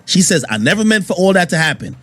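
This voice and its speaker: A man telling his side in a casual livestream rant, defensive and slangy, speaking in quick bursts. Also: sits high, sing-song, fairly bright tone, soft background music.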